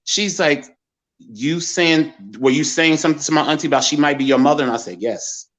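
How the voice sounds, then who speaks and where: A man in his forties from the American Midwest, telling a personal story as a guest and acting out other people's words in lively quotes. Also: a little high, fairly quick. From Gary, Indiana, USA. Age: 40s. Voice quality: animated storyteller who acts out others' words.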